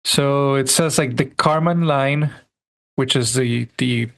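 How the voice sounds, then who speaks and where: A man on a casual podcast, reading numbered items aloud haltingly. His voice is strongly gravelly with lots of fry. His pitch sits in the middle range. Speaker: podcast co-host.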